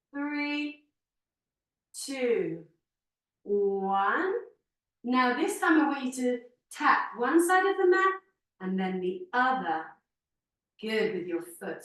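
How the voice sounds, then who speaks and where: A woman's voice: a little high, distant mic. Winded woman calling Pilates reps in echoey room. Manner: counts reps aloud with short encouraging cues. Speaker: Pilates instructor. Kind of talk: guided workout instruction. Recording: very echoey room, speaker away from mic.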